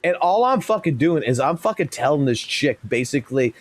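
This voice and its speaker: A man's voice: a little high, very animated, brisk. A man in his thirties telling a story on a live stream, blunt and heated, swearing constantly.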